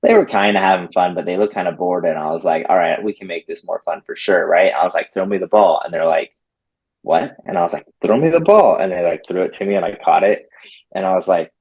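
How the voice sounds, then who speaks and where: A dog trainer in a casual interview tells an animated story, acting out what people said and using "like" a lot. His low voice is fast with a breathy edge, and the recording is muffled.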